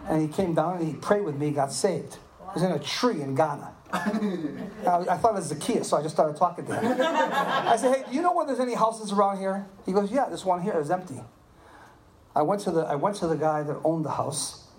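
A man in his seventies preaching a sermon, telling animated personal stories and checking in with the listeners. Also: a little high, moderate pace, crowd noise. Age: 70s. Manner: animated storytelling, asks "Are you with me?". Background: audience responding.

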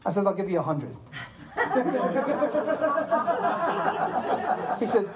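Animated man in his seventies preaching. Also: very high-pitched, very slow, a crowd in the background. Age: 70s. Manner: animated storytelling, asks "Are you with me?". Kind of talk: sermon with personal stories. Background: audience responding.

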